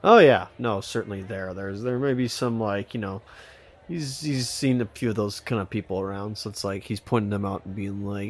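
A man's voice: on the low side, moderate pace. A man co-hosting a podcast, chatting casually and rambling about a TV episode with lots of restarts. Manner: rambling, with many fillers and restarts. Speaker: podcast co-host. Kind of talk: casual chat reviewing a TV episode.

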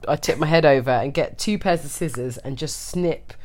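A woman's voice: normal speed, a little mellow. A woman in her thirties with a London accent, co-hosting a casual podcast chat, swearing and acting out quotes. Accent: London English. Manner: swears freely, acts out quotes with big pitch jumps. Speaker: podcast co-host.

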